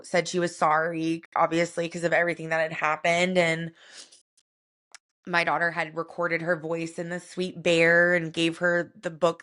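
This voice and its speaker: Woman with a slightly low voice, reflective. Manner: soft and reflective, with many fillers like "like" and "you know". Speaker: podcast co-host. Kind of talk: personal storytelling in casual chat.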